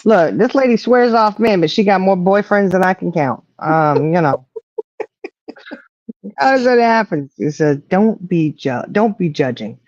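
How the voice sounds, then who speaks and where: A woman hosts a relaxed livestream chat, teasing and laughing as she goes. Her pitch swings widely and stays lively. The sound is dry and a bit dull, like a modest home mic. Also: a little slow, dry recording. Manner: playful teasing, laughing often. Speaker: livestream host. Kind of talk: casual chat reading viewer comments.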